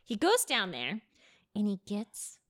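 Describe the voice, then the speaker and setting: A woman casually telling a history story to a co-host, animated and laughing often. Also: medium pitch. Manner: animated, laughing, acting out characters in quick asides.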